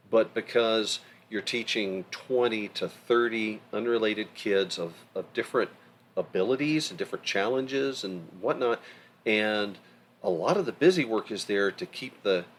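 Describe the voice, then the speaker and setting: This middle-aged co-host, voice on the low side, makes casual podcast conversation through animated, emphatic storytelling. A little hiss or hum sits under the audio.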